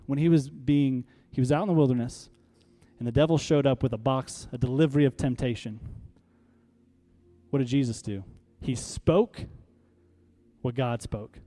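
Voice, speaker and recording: A pastor with a high, slightly mellow voice preaches emphatically, asking rhetorical questions and getting the congregation to echo his lines. He uses props on stage as he goes.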